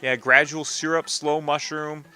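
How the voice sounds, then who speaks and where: A man's voice: on the high side, little pitch movement, measured pace, sharp tone, clean tone, faint music behind. A man giving offhand, self-mocking gameplay commentary, with casual swearing. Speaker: let's play gamer.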